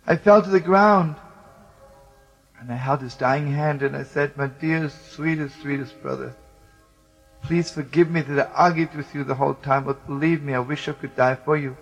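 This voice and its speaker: A man telling a wartime story, swinging from loud outbursts to hushed speech, with Yiddish and Hebrew words. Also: fairly high pitch, normal speed, vocal fry, highs cut off. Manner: emotional, shifts between loud exclamations and hushed speech.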